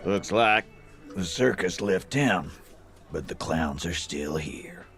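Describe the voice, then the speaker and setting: A man voicing a sneering, hostile male dockworker thug in a slow, mocking drawl. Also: deep voice, expressive, fairly bright tone, soft background music, pitched below the performer's own voice, exaggerated voice.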